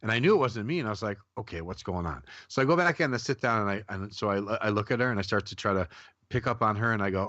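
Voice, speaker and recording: A man's voice: sits low, fast talker, a bit bright, no room sound. A man, a psychic medium guest on a radio show, telling rambling anecdotes in casual talk and acting out the people he quotes. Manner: rambling, many restarts, acts out quotes. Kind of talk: casual radio interview storytelling. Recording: dull lo-fi radio audio, dry.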